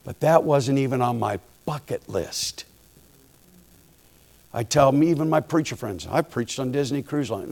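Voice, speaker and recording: A male preacher telling a humorous story from the pulpit, quiet and folksy one moment and loud and fired up the next. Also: mid-range voice, unhurried, creaky. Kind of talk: storytelling sermon.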